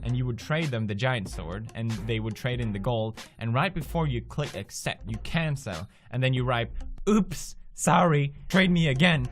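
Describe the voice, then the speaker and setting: A man in his twenties from Sweden, telling a profane, animated gaming story as a video blogger and acting out people's reactions. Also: medium pitch, normal speed, hardly any pauses. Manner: profane, animated, laughs often, acts out quoted reactions. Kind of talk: casual storytelling monologue.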